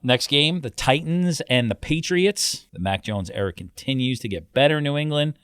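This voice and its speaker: A man hosting a casual football podcast, running through game recaps in a brisk, blunt way. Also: medium pitch, animated, fairly bright tone, clear, resonant tone, no echo, studio quality. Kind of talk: casual sports chat.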